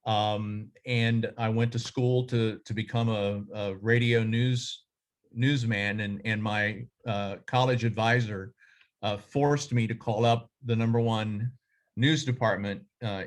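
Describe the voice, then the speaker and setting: A middle-aged man who leads a journalism association speaks in a low voice. He rambles through career advice and stories, with many fillers and restarts. The tone is casual and reflective. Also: flat delivery, unhurried.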